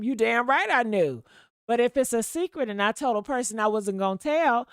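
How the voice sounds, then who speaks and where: A woman hosting a livestream, chatting casually with her viewers in a profane, gossipy way with sudden loud outbursts. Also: a little high, animated, fairly quick, no echo, clean studio sound. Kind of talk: casual gossip commentary to a live chat.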